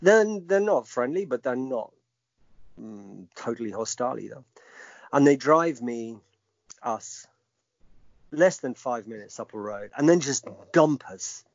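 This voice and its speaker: A man's voice: mid-range voice, no room sound. A middle-aged man telling a personal story as an interview guest, emphatic and reflective. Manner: emphatic, reflective, acts out quoted speech. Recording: dull lo-fi dry recording.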